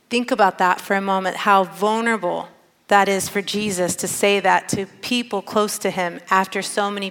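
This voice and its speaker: A woman's voice: medium pitch, a bit bright. Earnest woman preaching in a reverberant hall. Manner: earnest, conversational, emphatic. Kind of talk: sermon.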